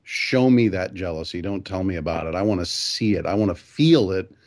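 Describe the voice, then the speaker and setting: A man's voice: deep voice, animated, brisk, darkish tone. A man co-hosting a movie podcast, talking casually and hesitantly with many restarts. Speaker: podcast co-host. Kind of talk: casual movie review chat.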